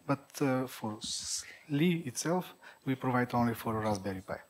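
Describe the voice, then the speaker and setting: A man answering audience questions at a tech conference, halting, with many fillers and restarts, a native Bulgarian speaker. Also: mid-range voice, expressive, slight background noise.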